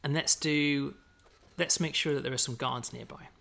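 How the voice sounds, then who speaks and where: Gravelly English man explaining a game. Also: medium pitch, fairly even intonation, moderate pace, sharp tone. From England. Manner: chatty, explaining with lots of "you know" and "right?"; fond of British slang. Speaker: game developer. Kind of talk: casual gameplay walkthrough.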